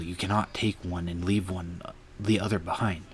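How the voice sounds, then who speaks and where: Male streamer, low voice, earnest emotional reading of game text, faint background noise. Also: steady tone, moderate pace. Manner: earnest, emotional reading with some angry outbursts. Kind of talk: reading a visual novel aloud.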